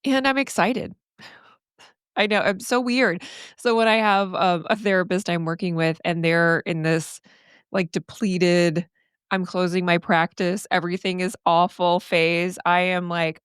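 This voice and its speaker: A middle-aged woman hosting a solo podcast, speaking candidly and earnestly about therapist burnout, with an animated, casual manner. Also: on the low side, normal speed, smooth, no room sound, studio quality. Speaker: podcast host and therapist coach.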